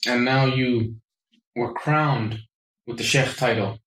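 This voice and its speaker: A male host asking playful, teasing questions in a relaxed interview. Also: medium pitch, slow, recorded from a distance. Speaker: podcast host. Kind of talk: casual interview chat. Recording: echoey room with background noise.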